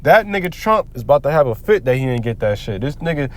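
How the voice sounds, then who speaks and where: A man's voice: medium pitch, very animated, quick pace. A man giving heated, profane, preacher-like commentary on the news, quoting scripture between rants. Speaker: commentary vlogger.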